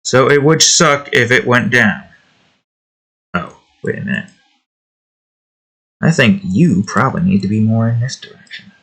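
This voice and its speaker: A man's voice: medium pitch, expressive, unhurried, long pauses, fairly bright tone, husky. A young man hosting his own art channel, rambling in an offhand, self-deprecating way as he chats and draws. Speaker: artist and channel host. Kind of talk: casual chat while drawing.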